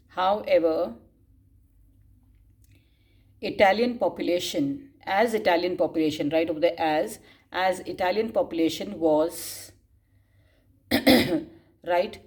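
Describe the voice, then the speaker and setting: Woman teacher reading notes aloud for students to copy, very slow, repeats phrases, coughs often. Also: fairly low pitch, darkish tone. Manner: slow dictation, spelling out words and repeating phrases; frequent coughs and throat clearing. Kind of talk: dictating class notes.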